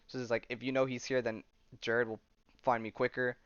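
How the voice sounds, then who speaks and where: A man's voice: mid-range voice, little pitch movement, brisk, fairly bright tone, smooth, dry recording, lo-fi sound. A man casually retelling a comic book story on a podcast, rambling with lots of fillers. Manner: rambling, full of "she's like" and fillers. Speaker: podcast host.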